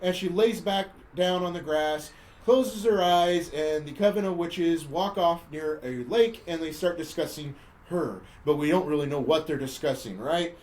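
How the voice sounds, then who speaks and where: Guy w a pretty high voice rambling thru a movie plot on a podcast, chuckly, lots of restarts. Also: normal speed, a little mellow. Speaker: podcast host. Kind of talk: casual chat retelling a movie plot.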